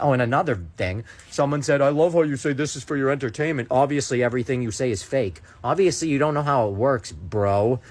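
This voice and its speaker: A man ranting straight to camera, indignant and sarcastic, daring his viewers to prove him wrong. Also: medium pitch. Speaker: content creator. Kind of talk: ranting direct-to-camera monologue.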